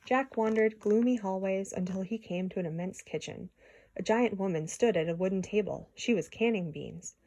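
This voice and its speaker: A woman reading a children's story aloud in an expressive way, with small slips and restarts. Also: medium pitch, moderate pace. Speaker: storybook reader.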